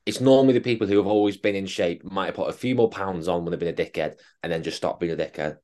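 Low-voiced blunt man. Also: fast talker, dark tone. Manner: blunt, sweary, calls listener mate. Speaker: fitness coach, podcast co-host. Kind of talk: casual chat.

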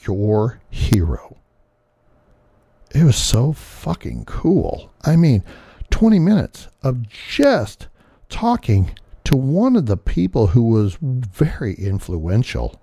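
A man in his sixties hosts a podcast and tells personal stories slowly and earnestly, gushing like a fan and swearing now and then. His low, mellow voice rises and falls a lot. The sound is close and dry. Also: no room sound. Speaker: podcast host. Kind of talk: casual personal storytelling.

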